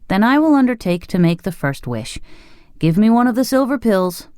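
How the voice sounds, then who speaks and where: A narrator voicing a young runaway boy, high and excitable, in an audiobook. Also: normal speed, clean tone, dry recording, clean studio sound, close to an everyday voice. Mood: eager. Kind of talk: audiobook character voice.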